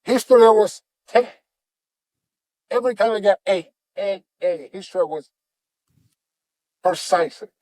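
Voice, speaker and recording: Animated man in broken English. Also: sits high, a little slow, pauses often, no echo. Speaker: jiu-jitsu master, guest. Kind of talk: storytelling in conversation.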